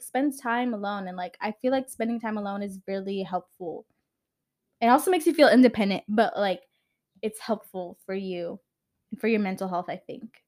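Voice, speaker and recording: A young woman hosting a solo podcast, talking off the cuff in a rambling way, packing her speech with "like" and swearing now and then. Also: medium pitch. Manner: rambling, heavy "like" filler, swears casually. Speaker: podcast host. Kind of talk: unscripted solo podcast chat.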